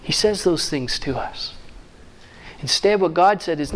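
A man preaching a sermon who reads scripture aloud slowly and then jokes with his listeners. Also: fairly high pitch, lively intonation, slight background noise.

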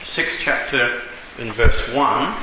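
A man preaching a sermon as a pastor, speaking conversationally, drawing out key words for emphasis and pausing on frequent ums. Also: medium pitch, background noise. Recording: echoey lo-fi hall recording.

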